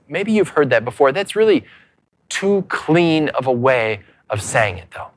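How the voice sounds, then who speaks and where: A man pastor preaching a sermon earnestly, repeating words as he goes and dropping to hushed lows between loud points. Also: big pitch swings, a little slow. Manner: frequent repeated words and restarts.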